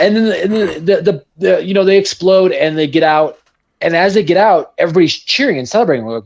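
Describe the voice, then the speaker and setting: A man's voice: a little high, fast talker, creaky, muffled recording. A young man co-hosting a podcast, retelling movie scenes with lots of swearing. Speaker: podcast co-host. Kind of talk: casual chat.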